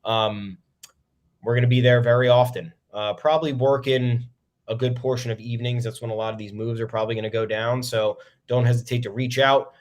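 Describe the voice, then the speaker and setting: A man's voice: mid-range voice, flat delivery, brisk, darkish tone. A young man hosting a solo sports podcast, ranting bluntly with frequent swearing and many "um" fillers. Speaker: podcast host.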